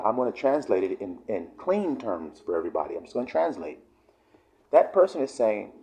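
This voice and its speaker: Animated, profane man preaching. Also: on the low side. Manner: impassioned, profane, emphatic. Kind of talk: street-style sermon vlog.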